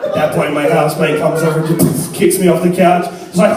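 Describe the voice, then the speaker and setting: A man's voice: a little high, level tone, a little fast, hardly any pauses. A young man performing a crude, self-deprecating stand-up comedy set in a club. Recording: echoey club from far off. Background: laughing crowd.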